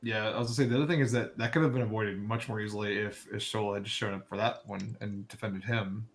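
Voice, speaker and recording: A man's voice: fairly low pitch, fairly even intonation, quick pace, a little hiss or hum. A man co-hosting a casual video game stream, teasing and rambling in his commentary. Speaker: streamer co-host.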